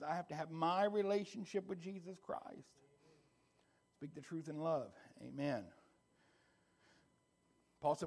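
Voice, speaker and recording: A man pastor preaching a conversational sermon that builds into a loud, fervent closing prayer. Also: fairly high pitch, normal speed, creaky, long pauses, husky. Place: church sanctuary.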